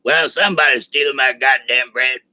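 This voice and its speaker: A man's voice: mid-range voice, fairly even intonation, fairly quick, sharp tone, no room sound. A man voicing a short-tempered jail sergeant who blusters and swears about stolen bread, in a slightly raised voice. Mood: angry.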